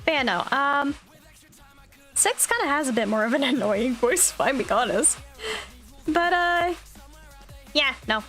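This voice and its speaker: A woman's voice: fairly high pitch, a bit bright. A young woman streamer chatting casually, upbeat and rambling with plenty of fillers. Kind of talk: casual chat.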